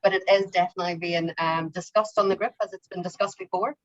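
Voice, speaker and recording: A woman with a Derry accent from Northern Ireland, chatting quickly on a video call with an apologetic, filler-heavy manner. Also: lowish voice, steady tone. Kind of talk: casual video call chat. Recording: muffled video call audio.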